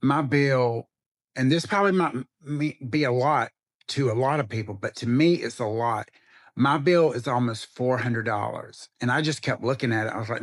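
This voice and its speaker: A man's voice: mid-range voice, animated, normal speed. A man venting to camera about his bills, angry, swearing and worn out. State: frustrated. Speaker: vlogger.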